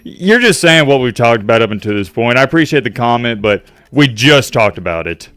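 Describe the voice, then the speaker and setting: A man's voice: medium pitch, very animated, brisk, few pauses, a bit bright, dry recording, studio quality. A man streaming sports commentary, ranting emphatically with sarcastic asides while reading out fan comments. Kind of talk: casual rant over fan comments.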